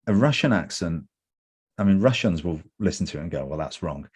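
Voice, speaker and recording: Middle-aged English male, low register, candid interviewee voice, conversational storyteller. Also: fairly quick, breathy edge. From England. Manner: candid, anecdotal, animated when quoting others. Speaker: actor guest.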